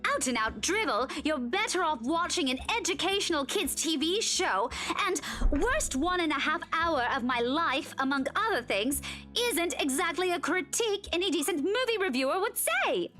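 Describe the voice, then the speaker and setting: A fiery young woman scolds in a put-on Scottish accent, her voice very high and lively. She speaks in a heated, reproachful way with sighs, and her tone is bright and sharp. Soft music plays under her lines in this story game. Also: moderate pace, exaggerated voice. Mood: scornful. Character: young woman defending a friend, indignant. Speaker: game character.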